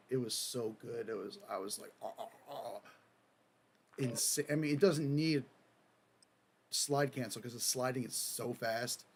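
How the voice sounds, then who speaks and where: A man with a Midwestern American accent, rambling and joking through casual gameplay commentary with sudden loud outbursts. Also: medium pitch. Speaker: gaming streamer. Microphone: headset or desk mic. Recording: game gunfire in background. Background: game gunfire.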